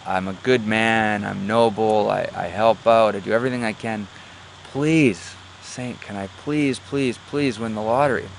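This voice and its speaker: A man voicing a desperate poor man who begs a saint over and over in a pleading voice, pitched a little above his own. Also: flat delivery, normal speed, a little hiss or hum, close to an everyday voice. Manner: pleading, repetitive begging.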